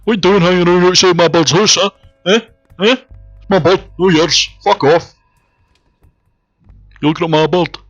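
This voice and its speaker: A man doing a shouty jealous lad. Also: high-pitched, steady tone, moderate pace, long pauses, no echo, muffled recording, faint music behind, voice pushed up. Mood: aggressive. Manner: loud, confrontational and mocking. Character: aggressive jealous British lad picking a fight.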